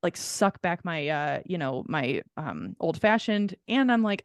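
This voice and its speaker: Animated, laughing woman telling a story. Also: fairly low pitch, fairly quick, few pauses, no echo. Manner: animated storyteller, laughs often, swears casually. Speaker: podcast co-host. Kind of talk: casual chat.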